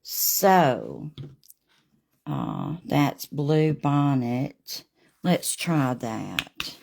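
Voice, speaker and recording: A woman with a drawl talks viewers through a live painting, homey and gushing. Her voice sits low and takes its time, with a gravelly edge to it. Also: wildly swooping pitch, extremely slow, darkish tone. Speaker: artist hosting a live painting session. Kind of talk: casual live painting demo with viewer chat.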